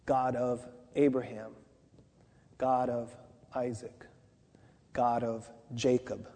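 A man's voice: medium pitch, little pitch movement, slow, dark tone, long reverb tail. A man preaching a sermon in a conversational way, often asking rhetorical questions.

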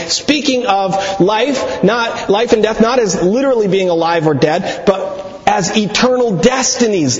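A high-pitched man preaches a sermon, teaching deliberately, quoting scripture and slowing down on key words. The recording sounds dull, in an echoey hall.

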